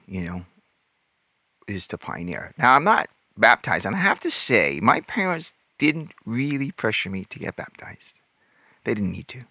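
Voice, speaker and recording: A man telling his life story as host of his own channel, animated and acting out remembered lines as he goes. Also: fairly low pitch, no room sound. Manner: animated storytelling, acts out quotes. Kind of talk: personal testimony monologue.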